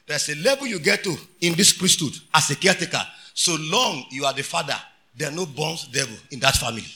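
A man with a Nigerian accent preaching a sermon, telling stories and shouting out his points. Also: a little high. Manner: preaching with shouted emphasis and storytelling, Pidgin phrases.

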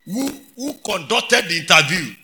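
Bright, shouting Nigerian preacher. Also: male voice, high voice, very animated, unhurried, a little hiss or hum. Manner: preaching with shouted emphasis and storytelling, Pidgin phrases. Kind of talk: sermon.

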